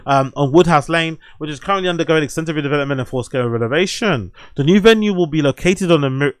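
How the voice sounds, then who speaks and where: A young adult man hosting a show, reading news aloud and reacting with excited, swearing asides. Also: fairly high pitch, dry recording. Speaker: host.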